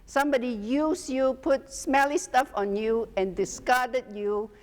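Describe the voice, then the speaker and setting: A middle-aged woman teaching a class as a hypnotherapy instructor, telling lively stories and laughing often. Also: high voice, a little slow. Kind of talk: storytelling lecture to a class. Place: teaching room with an audience. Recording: long hall reverb.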